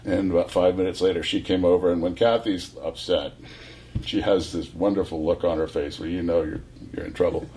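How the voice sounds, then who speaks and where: A man in his sixties from California, a guest telling rambling, animated stories full of restarts. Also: sits low, fairly quick, slight background noise. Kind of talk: casual storytelling.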